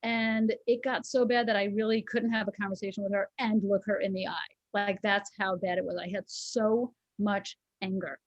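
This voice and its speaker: A woman's voice: mid-range voice, little pitch movement, normal speed, hardly any pauses, dry recording, dull audio. A woman in her forties, co-hosting a casual chat and telling a personal story in a candid, emotional way. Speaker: co-host.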